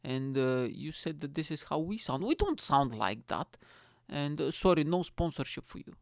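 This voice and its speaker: A halting, heavily accented Eastern European company rep, as a man puts him on, pitched a little above his own voice and pushing a sponsorship deal slowly. The tone is smooth and clean, with a dry, close sound. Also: expressive, no echo. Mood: wheedling. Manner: slow, halting sales pitch. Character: corporate clothing sponsor rep with thick accent.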